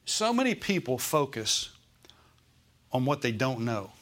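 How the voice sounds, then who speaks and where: A man's voice: mid-range voice, very animated, measured pace, long pauses, fairly bright tone. A man preaching a sermon to his congregation, emphatic and repeating key phrases, asking the room if they follow. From United States. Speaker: pastor. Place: church sanctuary with congregation.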